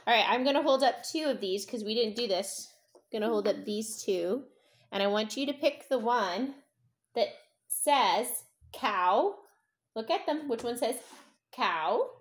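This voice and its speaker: A young woman teaching a toddler phonics at home, sounding out letters slowly in a sing-song, encouraging way. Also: fairly high pitch, expressive. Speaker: parent teaching a child to read.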